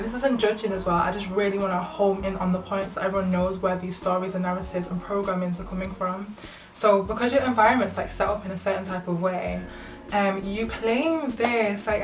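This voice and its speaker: Young woman, echoey and off-mic. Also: medium pitch. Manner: earnest, rambling, full of fillers. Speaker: spiritual vlogger. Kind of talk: casual spiritual talk to camera. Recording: echoey room, mic at a distance.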